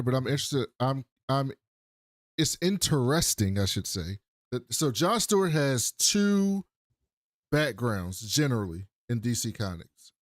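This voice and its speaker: A man's voice: mid-range voice, no echo. Male co-host, loose and swearing, mid-range voice, dead-dry studio sound. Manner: animated storyteller, swears freely. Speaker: podcast co-host. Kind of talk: casual recap chat.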